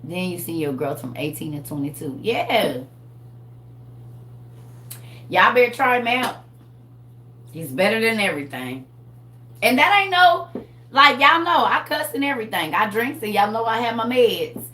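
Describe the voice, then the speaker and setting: A woman in her forties preaching casually to her viewers about her faith, animated and laughing often, calling them y'all. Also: a little high, moderate pace. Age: 40s. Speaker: vlogger sharing faith. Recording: roomy echo.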